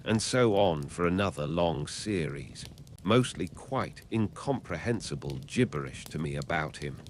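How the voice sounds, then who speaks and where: A man reading a classic novel aloud as an audiobook narrator, in a measured, even storytelling manner. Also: deep voice, slight background noise.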